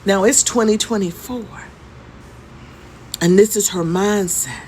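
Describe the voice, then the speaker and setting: A woman's voice: medium pitch, slow, darkish tone, slight background noise. Emphatic woman in her fifties telling a story. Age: 50s. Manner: emphatic, conversational, repeats points. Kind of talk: storytime vlog.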